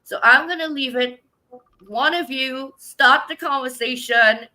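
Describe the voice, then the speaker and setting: A woman's voice: high voice, a little slow, bright, forceful tone, poor audio. A woman hosting a live online book show, talking in an upbeat, earnest, emphatic way over a video call.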